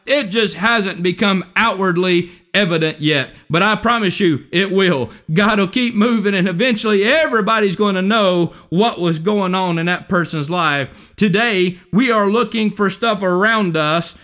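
A man's voice: sits high, moderate pace, hardly any pauses, pushed and bright. A man preaching a sermon, fervent and emphatic, repeating and stacking alliterative points, with many restarts.

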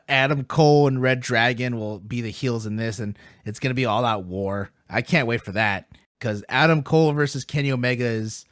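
A man hosting a podcast in casual chat, excitable, rambling and playfully brash, eating while he talks. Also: mid-range voice, no echo, clean studio sound. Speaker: podcast host.

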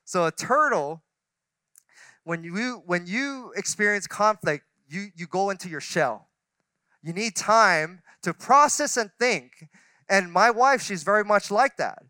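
Bright, high-voiced pastor, chatty and candid. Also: male voice, animated, a little slow, clean tone, no echo. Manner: conversational, self-deprecating storytelling with many restarts. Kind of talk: sermon. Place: church sanctuary.

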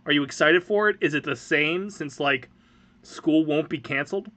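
A man's voice: on the high side, normal speed, bright, forceful tone. A man in his thirties hosting a casual family podcast, teasing and dry-humored. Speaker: podcast host, parent.

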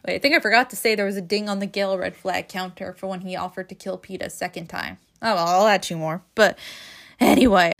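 A woman's voice: mid-range voice, quick pace, creaky, a bit bright. A woman hosting a podcast, recapping a book in a casual, rambling way with sarcastic asides and frequent laughs. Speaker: podcast host.

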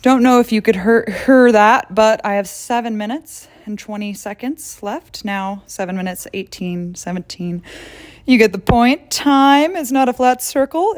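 A woman's voice: fairly high pitch, darkish tone. A woman hosting a casual solo podcast, rambling, jokey and profane as she talks to listeners. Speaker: podcast host.

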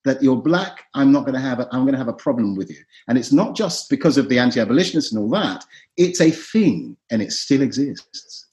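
A middle-aged man, an actor and writer, talking as a podcast guest in an animated, theatrical way. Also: mid-range voice, a little fast. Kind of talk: podcast discussion.

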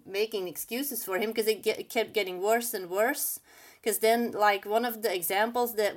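A young adult woman telling a painful personal story in an earnest, halting way, often restarting her sentences. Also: medium pitch. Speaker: guest sharing personal story. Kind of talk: candid conversational storytelling.

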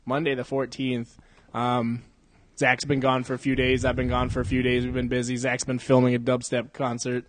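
A foul-mouthed podcast host rambles through stories in a mid-range voice, cursing constantly and breaking into laughter. The studio mic is close and dry, with no room sound at all. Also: male voice, mid-range voice, monotone, moderate pace, no echo. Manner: profane, laughs often, mimics voices in quotes. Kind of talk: casual podcast chat. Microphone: studio condenser mic.

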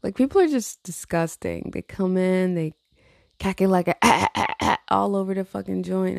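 A woman's voice: mid-range voice, normal speed, creaky, dry recording, clean studio sound. A tired woman venting in a casual chat, blunt and profane, rambling with frequent laughs. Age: adult with a teenage niece. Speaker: vlogger.

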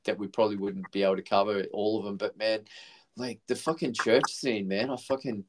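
A man co-hosting a podcast talks briskly about a movie, his lowish voice fairly even in intonation. The chat is casual and laid-back, full of profanity and meandering restarts.

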